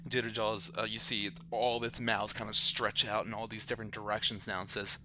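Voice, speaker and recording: A man's voice: lowish voice, level tone, a little fast, hardly any pauses, sharp tone, slight background noise. A man running and narrating a tabletop game in a loose, chatty way. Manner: loose, chatty, many fillers. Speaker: game master.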